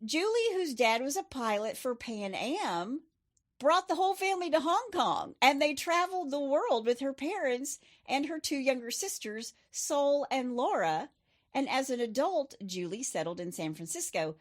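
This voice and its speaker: A woman's voice: high-pitched, lively intonation, moderate pace. A middle-aged woman hosting a true crime podcast, telling the case in a chatty way with personal asides. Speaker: podcast host. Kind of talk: true crime storytelling chat.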